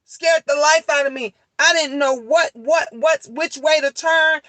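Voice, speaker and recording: Bright, emphatic middle-aged woman livestreaming. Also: high-pitched, unhurried, no echo. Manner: emphatic, heated and profane, repeating her points; talks straight to her viewers, answering their comments. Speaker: livestreamer talking to her chat. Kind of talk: casual livestream chat.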